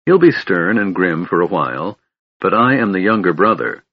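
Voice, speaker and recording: A man's voice: sits low, big pitch swings, normal speed, slightly rough, dull audio, exaggerated voice. A man voicing a tender young elf lover. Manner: tender, soothing.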